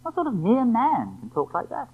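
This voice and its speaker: Lively preacher on a tinny recording. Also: medium pitch, moderate pace, slightly rough. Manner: rhetorical, emphatic, full of questions to the listeners. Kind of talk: evening sermon. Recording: tinny phone-like lo-fi sound.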